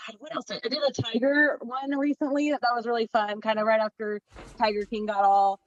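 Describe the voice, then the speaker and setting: A woman guest in casual podcast chat, bubbly and excitable, with frequent fillers. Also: a little high, brisk, a little hiss or hum. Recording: dull, dry lo-fi sound.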